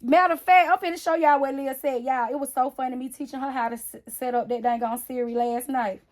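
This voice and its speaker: A woman's voice: sits high, fairly even intonation, a little fast. A woman craft vlogger chatting casually to her viewers while she works, rambling and blunt with sassy asides. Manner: rambling, talks straight to viewers with frequent "y'all". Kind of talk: casual chat while working on a basket.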